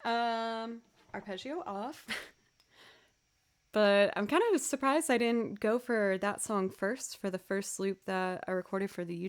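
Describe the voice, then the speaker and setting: A woman's voice: mid-range voice, clean tone. Tired, chatty woman streamer. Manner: chatty, rambling, thanks viewers as she goes. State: tired, yawning. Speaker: streamer and musician. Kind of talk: casual livestream chat.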